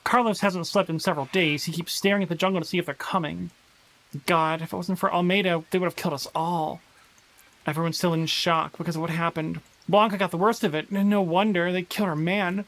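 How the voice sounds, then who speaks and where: A high-pitched man chatting his way through a survival game on a live stream. He reads found journal entries aloud with theatrical emphasis, then drops back into loose, chatty commentary. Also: fairly bright tone, poor audio.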